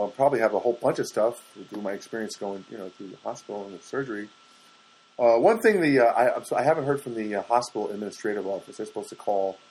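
A man's voice: medium pitch, a little mellow, breathy edge, low-quality recording. A man from the US East Coast talking casually in a rambling solo monologue, chatty and self-deprecating, often putting on comic voices for other people.

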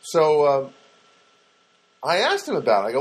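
Guy rambling thru a story on his podcast, husky voice, goes up and down a lot, lots of uh and you know. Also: fairly high pitch, wildly swooping pitch, moderate pace, long pauses, low-quality recording. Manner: rambling, many fillers and restarts; chatty, addresses listeners directly. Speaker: podcast host. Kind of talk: casual storytelling monologue.

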